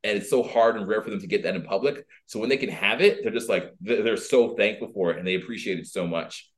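Animated guy telling a story on a podcast, tons of "like"s, acts out little voices. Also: on the low side, fast. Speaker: dating and personal development coach, guest. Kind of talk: casual storytelling.

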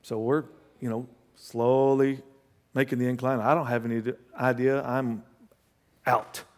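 A male pastor preaching a sermon and telling a personal story, animated, swinging between loud bursts and hushed asides. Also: medium pitch, a little slow. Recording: long hall reverb.

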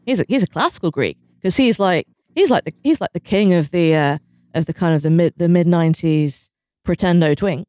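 A woman's voice: lowish voice, lively intonation, a little fast, darkish tone, dry recording, studio quality. A woman chatting casually on a podcast, playful and teasing. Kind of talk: casual chat.

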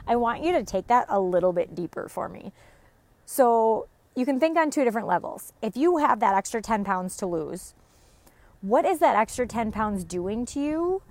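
A woman's voice: a little high, lively intonation, moderate pace, darkish tone, no echo. A woman in her thirties, a fitness coach and mother, giving an earnest, emphatic motivational talk to viewers, repeating phrases for effect.

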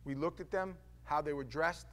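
New guy ranting casually to camera, kinda high voice, stumbles over his words a lot. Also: normal speed. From New York. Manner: animated storytelling with stammered restarts.

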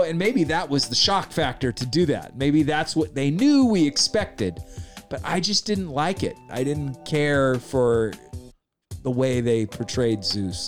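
A man co-hosting a casual film review chat, agreeable and talkative, often chiming in with yeah. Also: mid-range voice.

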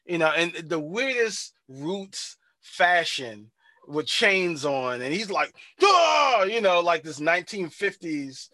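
Bright-voiced man, rambling slangy recap. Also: fairly high pitch, slow, dry recording. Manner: rambling, slangy, animated storytelling. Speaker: podcast host. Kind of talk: casual chat recapping a TV episode.

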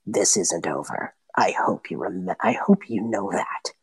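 A woman voicing a scheming hag who speaks in a slow, low, threatening tone that sinks into a whisper. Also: expressive, gravelly, husky, dry recording, heavily acted. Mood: menacing. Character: scheming female hag, cold and menacing.

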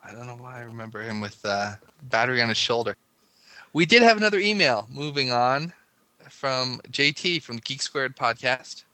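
A man's voice: medium pitch, big pitch swings, moderate pace, pushed and bright, no echo. A man co-hosting a podcast in casual chat, rambling and laughing as he talks. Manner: chatty, rambling, laughs often. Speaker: podcast co-host.

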